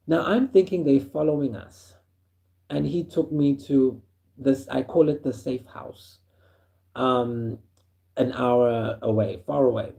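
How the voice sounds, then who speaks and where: A man from Africa, telling a first-person story in an animated way and chuckling as he goes. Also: medium pitch, creaky. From South Africa.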